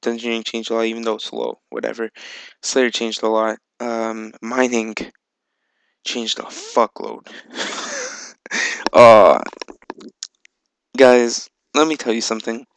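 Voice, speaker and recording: A man chats loosely over his game footage, full of ums and easy swearing. His voice has a gravelly edge but stays smooth and clear. It sounds close and dry, with no room around it. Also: mid-range voice, fairly even intonation, takes it slowly, long pauses, no echo, poor audio. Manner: rambling, filler-heavy, swears casually. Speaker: video game channel host. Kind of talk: casual gameplay vlog chat.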